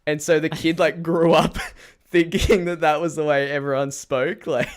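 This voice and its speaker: A young man co-hosting a podcast, telling stories in a giggly, animated casual chat. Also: a little high, normal speed. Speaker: podcast co-host.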